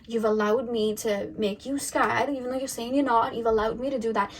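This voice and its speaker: A stern female spirit lectures in a slow, insistent way, circling back to the same point again and again. A woman speaks for her, the voice sitting a little high. She sounds calm and unshaken. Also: recorded from a distance, slight background noise, lightly acted. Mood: lecturing.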